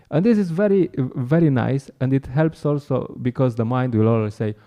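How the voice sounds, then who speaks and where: A man's voice: medium pitch, moderate pace, hardly any pauses, muffled recording. A man giving an informal, chatty talk at a temple class, laughing often and acting out encounters with people on the street.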